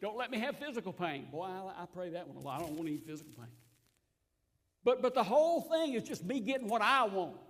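A man preaching with a high, lively voice that climbs and falls a great deal. He presses his points by repeating short phrases, and moves between hushed asides and louder, urgent stretches. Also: a little fast. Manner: emphatic, repeats phrases, swings between quiet and loud. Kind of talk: sermon.

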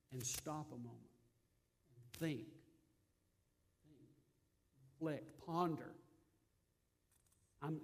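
A man preaching with a high, lively voice that climbs and falls a great deal. He presses his points by repeating short phrases, and moves between hushed asides and louder, urgent stretches. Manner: emphatic, repeats phrases, swings between quiet and loud. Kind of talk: sermon.

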